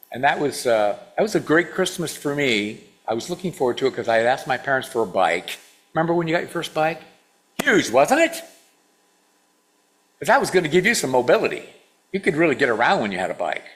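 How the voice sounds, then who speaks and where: A man in his sixties from Washington State, giving a storytelling sermon to a congregation, asking the audience questions and acting out his younger self. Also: mid-range voice. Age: 60s. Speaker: guest speaker.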